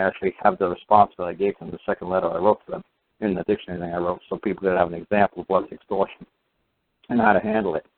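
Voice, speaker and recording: A man with a lowish voice and vocal fry tells a long story over a tinny phone line. He rambles casually, filling it with fillers and restarts.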